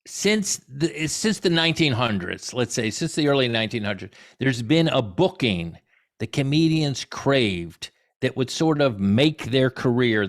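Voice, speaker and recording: A middle-aged man, a comedy historian answering audience questions in an animated, digressive storytelling way. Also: medium pitch. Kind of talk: conversational Q&A talk.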